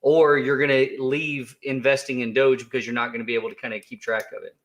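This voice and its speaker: A man's voice: mid-range voice, level tone, fast, fairly bright tone. A man co-hosting a livestream, chatting casually in a joking, rambling way with many restarts. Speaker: co-host of a crypto livestream.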